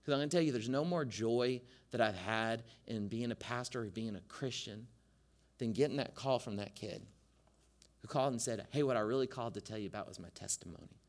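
A middle-aged male pastor preaching a sermon, telling stories earnestly, rising loud at times and then dropping soft and low.

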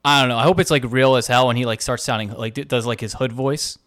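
A man's voice: medium pitch, steady tone, quick pace, fairly bright tone, no room sound, clean studio sound. A man co-hosting a casual gaming news podcast, chatty and upbeat. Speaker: podcast co-host.

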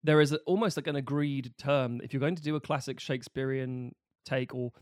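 A man's voice: mid-range voice, fairly even intonation, brisk, smooth, no echo, studio quality. A man co-hosting a casual film chat, rambling and swearing as he talks through examples.

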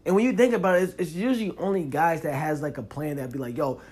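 Man, young adult, podcast host, casual monologue, animated, fairly high voice. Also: fast, husky. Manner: animated, talks straight to the listener, rising loud when worked up.

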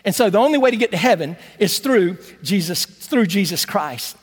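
A man preaching a sermon as pastor in a church, talking conversationally, repeating words as he starts sentences and slowing down to stress key phrases. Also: high-pitched, animated, husky, long reverb tail. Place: church sanctuary.

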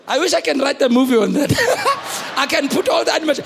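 A middle-aged South African man preaching a lively sermon as a bishop, often shouting and acting out the characters in his stories. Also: extremely high pitch, fast talker, gravelly, a faint crowd, a little hiss or hum. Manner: animated, often shouting, acts out voices. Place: large church hall. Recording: live church recording with long reverb.

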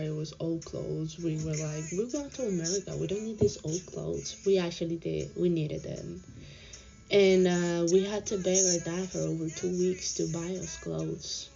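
A young woman, not a native English speaker, tells her story slowly in a low, mellow voice, candid and slangy. The sound is dull and lo-fi, with faint music underneath. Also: gravelly. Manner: candid, frustrated, slangy retelling. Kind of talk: personal storytelling.

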